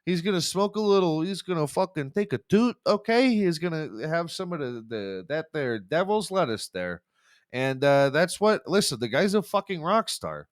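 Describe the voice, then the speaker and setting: A man's voice: a little high, very animated, moderate pace, no room sound, studio quality. Rambling, profane young man ranting on a podcast. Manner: rambling, profane, stumbling restarts, laughs at own jokes. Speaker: podcast host. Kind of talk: casual podcast rant.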